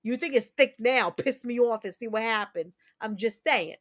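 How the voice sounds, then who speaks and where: Woman host in her thirties, casual stream chat, heartfelt and blunt, a little higher-pitched, thick accent. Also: normal speed, fairly bright tone. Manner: candid, emotional, repetitive storytelling with mild swearing.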